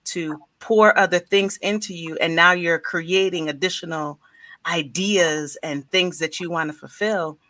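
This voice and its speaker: A woman's voice: fairly low pitch, a little slow, fairly bright tone, no room sound. A woman asking an earnest, reflective question in a faith conversation.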